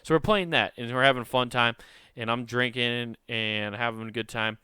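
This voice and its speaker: Podcast co-host from Iowa, a man with a bright, clear voice, for chatty anecdotes with laughs. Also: medium pitch, normal speed, no room sound, clean studio sound. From Iowa, USA. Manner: animated, laughing, acts out quoted voices. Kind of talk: casual storytelling chat.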